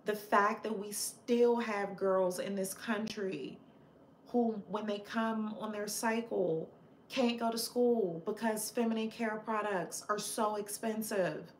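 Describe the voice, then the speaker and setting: Slow-talking, passionate woman host. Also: mid-range voice, fairly even intonation, roomy sound, slight background noise. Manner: passionate, opinionated, earnest; chatty, with frequent "like" fillers and restarts. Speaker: livestream host chatting with viewers. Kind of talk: casual live chat.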